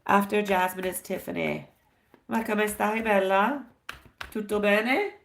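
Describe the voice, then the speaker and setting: A woman's voice: mid-range voice, unhurried, slight background noise. A woman doing a live-stream tarot reading, chatty and affectionate, dropping Italian phrases as she answers viewers. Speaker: tarot reader.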